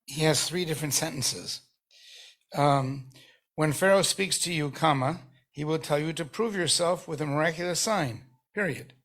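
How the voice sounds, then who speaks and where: Male class participant, higher-pitched and husky, reads quotes slowly and with emphasis. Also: fairly bright tone. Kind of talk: study discussion, reading translations aloud. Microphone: video call.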